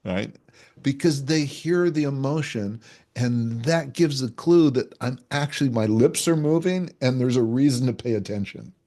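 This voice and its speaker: Expert male interview guest, mid-pitched voice, conversational, illustrates points by voicing quotes, keeps checking in with "right?". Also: expressive, moderate pace, warm tone. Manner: explains with examples, acts out quoted voices, frequent "right?". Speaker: relationship energetics expert guest. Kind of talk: explanatory conversational interview talk.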